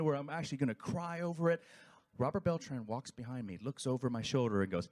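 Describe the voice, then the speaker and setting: Animated man telling a self-mocking story. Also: medium pitch, fast. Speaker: cast member at a reunion panel. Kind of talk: storytelling on a panel.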